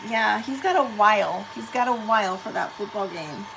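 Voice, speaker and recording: A woman's voice: mid-range voice, moderate pace, gravelly, noisy background. A middle-aged woman hosting a casual live craft stream at home, chatting with viewers and greeting them by name.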